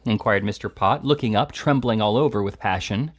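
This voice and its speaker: A man reading a classic novel aloud at a steady pace, with occasional stumbles. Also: fairly low pitch, brisk. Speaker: reader.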